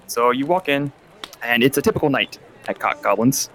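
A man running a tabletop game as game master, narrating in a relaxed, loose way. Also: medium pitch, normal speed.

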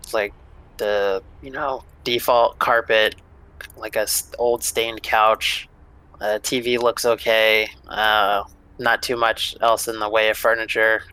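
Bright-voiced male game master. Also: lowish voice, flat delivery, takes it slowly, clean tone, poor audio. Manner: casual, loose, with many fillers. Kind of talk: narrating a tabletop game.

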